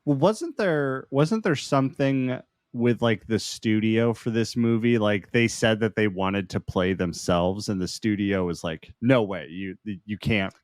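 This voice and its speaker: A man's voice: on the low side, measured pace, hardly any pauses, no echo, clean studio sound. Laid-back man chatting about movies. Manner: relaxed, laughs along. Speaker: podcast co-host. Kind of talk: casual chat.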